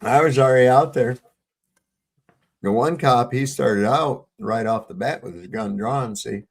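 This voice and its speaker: A man on a video-call livestream, telling stories with lots of swearing and laughter, getting loud when he retells arguments. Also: medium pitch, unhurried. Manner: profane, storytelling, laughs often, gets heated retelling run-ins. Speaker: panel co-host. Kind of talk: casual livestream chat.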